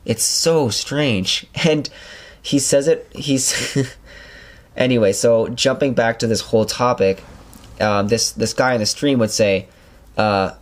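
A man's voice: medium pitch, slow pace. A young man hosting a podcast, telling stories in a rambling casual chat with lots of fillers. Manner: rambling, animated storytelling with many fillers. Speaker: podcast host.

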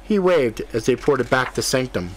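A male narrator reads a fantasy novel aloud at an even, steady pace. His voice sits right in the middle of the usual male pitch range, neither deep nor high. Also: moderate pace, slight background noise. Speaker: audiobook narrator. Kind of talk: scripted audiobook narration.

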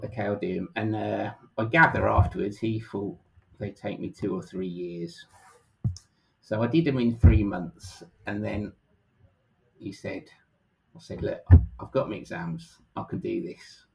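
A middle-aged man talks casually as an interview guest, easygoing and full of hesitant ums. His voice is low with a noticeable gravelly fry. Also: unhurried, pauses often, background noise. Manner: relaxed, hesitant, frequent ums. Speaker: guest, financial planner.

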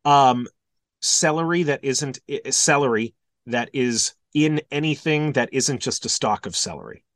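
A man from Wisconsin chats as a guest on a podcast, animated and joking, often slipping into silly voices. His voice sits at a middling pitch. The sound is dry and close. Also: measured pace, no echo. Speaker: radio show host, podcast guest. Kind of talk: casual podcast chat.

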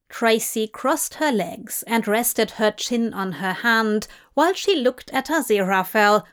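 A woman reading a story aloud in an unhurried, even narration. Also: mid-range voice. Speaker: fanfiction reader. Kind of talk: audiobook narration.

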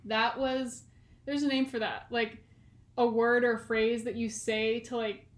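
A young woman from California talks in a loose, rambling way, padding her sentences with fillers and breaking into laughs. Her voice sits a little high. The room around her gives off a noticeable echo. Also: flat delivery, measured pace. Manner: chatty and rambling, many "like" fillers, laughs often. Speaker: podcast co-host. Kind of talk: casual chat.

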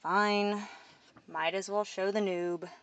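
A woman's voice: mid-range voice, fairly even intonation, slow pace, fairly bright tone, highs cut off. A woman voicing a weary, unenthused senior girl student in an audiobook. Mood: bored.

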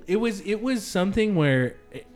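Animated, foul-mouthed young man. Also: high voice, normal speed, soft background music. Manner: profane storytelling with animated quoted voices. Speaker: podcast co-host. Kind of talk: casual chat.

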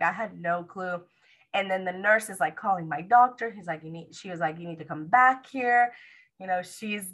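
A woman's voice: medium pitch, rough recording. A young woman tells viewers the story of her labor in a casual, chatty way. She keeps acting out the lines of the nurse, the doctor and herself as she goes. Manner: animated retelling, acts out quoted dialogue. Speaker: mother sharing her birth story.

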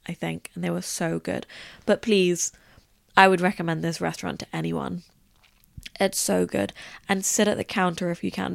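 A young woman chats away as a podcast host, spilling stories in a loose, rambling flow. Her voice crackles with heavy vocal fry throughout. The recording is dry, with no room sound around her. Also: on the low side, no echo. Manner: chatty, rambling, heavy use of "like". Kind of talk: casual storytelling chat.

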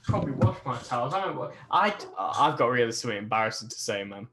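A man's voice: medium pitch, sing-song, quick pace, noisy background. A young man co-hosting a podcast, teasing and swearing casually. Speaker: podcast co-host. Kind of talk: casual chat.

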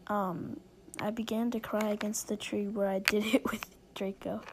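A woman's voice: medium pitch, little pitch movement, moderate pace, background noise. A young woman reading fan fiction aloud with giggly, dramatic line readings. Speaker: reader.

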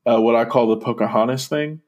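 A man co-hosting a movie podcast, retelling scenes with profanity, laughter and quick put-on voices. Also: medium pitch, steady tone, a little mellow, dull audio. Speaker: podcast co-host. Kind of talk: casual movie chat.

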